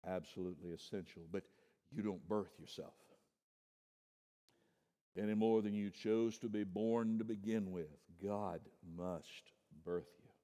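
Male pastor, sermon delivery, moves from soft and low to loud and high, long hall reverb. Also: fairly even intonation, a little slow. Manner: addresses listeners as "my friend".

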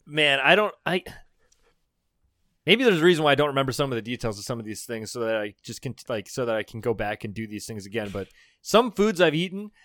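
A man's voice: medium pitch, sing-song, fairly quick, fairly bright tone, no room sound. A young man co-hosting a podcast, chatting casually with lots of laughter and swearing. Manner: laughing, profane, joking. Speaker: podcast co-host. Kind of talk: casual chat.

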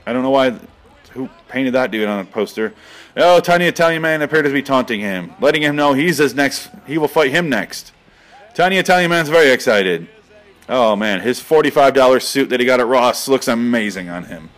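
A man doing rambling, deadpan mock sports commentary over video, breaking into sudden excited outbursts. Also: medium pitch, fairly quick. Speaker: comedy commentator.

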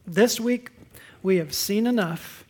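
Woman pastor, sermon delivery, unhurried pace, earnest and emphatic, softening for stories. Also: mid-range voice. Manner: earnest, emphatic preaching that drops to soft, quiet storytelling.

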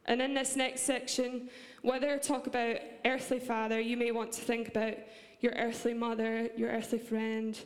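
A young woman with a Scottish accent speaks earnestly from a church stage, her voice sitting a little high. The sound rings with the long reverb of a large hall. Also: level tone, normal speed, few pauses. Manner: earnest and heartfelt, with light laughs. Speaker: preacher. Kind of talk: church sermon.

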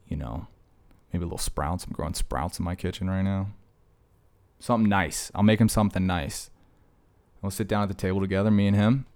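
A man's voice: low voice, darkish tone. A man talking casually to camera in a vlog, rambling and joking as he drifts between stories. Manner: joking, digressive storytelling. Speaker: vlogger.

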